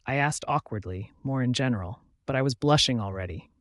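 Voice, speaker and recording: A man narrating a first-person romance audiobook with an even, steady reading. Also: mid-range voice, brisk, dry recording, studio quality.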